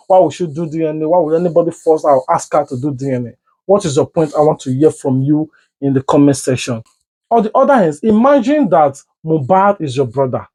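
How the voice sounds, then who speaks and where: Animated high-voiced Nigerian man. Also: rough recording. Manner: animated, acts out arguments with rising voice. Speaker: commentary show host. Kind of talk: opinionated commentary.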